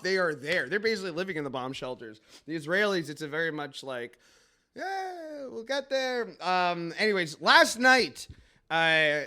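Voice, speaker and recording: A man's voice: a little high, sharp tone. A man hosting a comedic news podcast, rambling and joking with many fillers and restarts. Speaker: podcast host.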